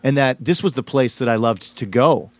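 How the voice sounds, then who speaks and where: A man's voice: medium pitch, normal speed, no echo. A man, a stand-up comedian, telling a personal story in a casual interview, rambling with many fillers and restarts.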